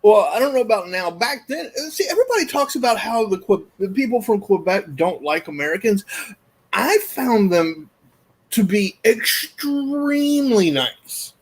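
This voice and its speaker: A man with a somewhat high voice hosts a casual chat. He tells stories in a joking, self-deprecating way and keeps the talk rolling. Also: sing-song, moderate pace, husky, rough recording.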